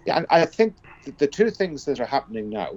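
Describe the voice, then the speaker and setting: A man giving political commentary as a radio guest, talking haltingly with many restarts. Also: fairly high pitch, sing-song, a little mellow, dull audio.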